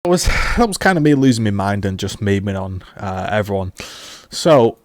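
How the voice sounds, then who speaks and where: A man looks back on his gaming days in a loose, rambling way, full of fillers and restarts. His voice is on the low side, recorded dry and close with almost no room sound. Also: big pitch swings, moderate pace, no echo. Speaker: gaming YouTuber. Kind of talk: casual retrospective commentary.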